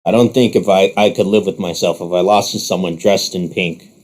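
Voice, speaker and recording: A man's voice: sits low, steady tone, a little fast, darkish tone, pitched below the performer's own voice. A man voicing a smug, unimpressed male rival who talks in a dry, dismissive way.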